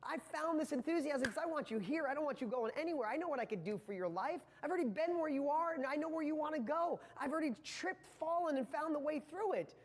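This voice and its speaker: A man's voice: very high voice, expressive, quick pace, few pauses, long reverb tail, a little hiss or hum. A man giving a live motivational training talk to viewers, speaking with passion and a rambling flow full of restarts.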